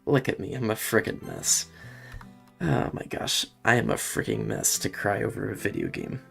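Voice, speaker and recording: A man's voice: on the low side, steady tone, normal speed, vocal fry, soft background music. A man giving casual, emotional commentary while playing a game, self-conscious, with mild stand-in swear words. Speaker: let's play gamer.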